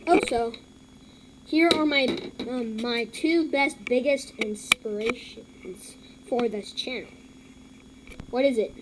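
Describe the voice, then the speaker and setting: A woman hosting a casual reaction video, mocking what she watches, repeating herself and filling pauses with lots of ums. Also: a little high, loud music behind the voice, low-quality recording. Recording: loud background noise.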